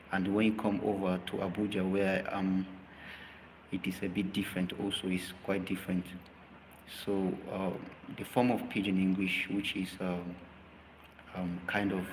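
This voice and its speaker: A man's voice: low voice, big-room sound, slight background noise, poor audio. A man teaching a language lesson, hesitant with many fillers, spelling words out letter by letter. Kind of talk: live language lesson talk.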